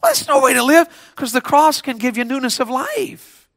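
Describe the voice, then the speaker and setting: A pastor man preaches to teenagers in a high, bright voice. He swings his pitch all over, repeats lines and calls for answers from the crowd, and the sound is close and dry. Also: very animated, normal speed, no echo. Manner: preaching with call-and-response and repetition. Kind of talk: sermon to teenagers.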